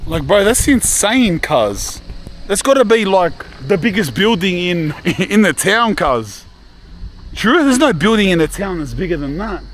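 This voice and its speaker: A young man filming a casual travel vlog, talking in excitable slang and calling the viewer bro, cuz and lad. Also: high-pitched, measured pace, a little hiss or hum. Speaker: travel vlogger.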